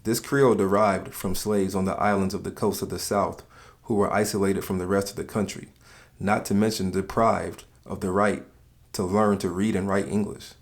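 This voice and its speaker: A man narrating in a calm, measured, scripted way, explaining things to the listener. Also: low voice.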